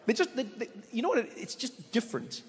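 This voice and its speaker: Man, stand-up comedian, animated storytelling, long reverb, faint background noise. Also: extremely high pitch, fast. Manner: animated storytelling, frequent stammered restarts. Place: large comedy stage with audience. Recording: live show in a reverberant hall with faint crowd noise.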